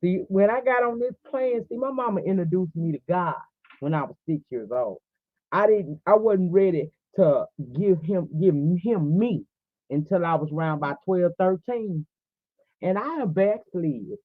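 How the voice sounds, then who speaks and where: A woman's voice: lowish voice, lively intonation, normal speed, dry recording. A woman in her forties hosting a livestream, preaching fervently and speaking straight to her viewers. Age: 40s. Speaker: livestream host. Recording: tinny phone-like audio, dry.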